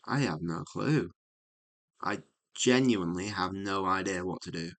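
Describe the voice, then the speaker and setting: A deep-voiced chess streamer thinks aloud while working through chess puzzles. He muses and mutters with frequent hums and pauses, sounding mildly exasperated with himself.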